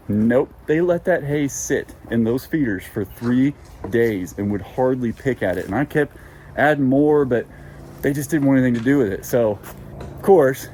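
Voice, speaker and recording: A man's voice: medium pitch, a little mellow, slight background noise. A man on a goat farm talking casually and playfully, chatting fondly to his goats outdoors in the pen. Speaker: goat farmer and vlogger. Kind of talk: casual chat with the animals.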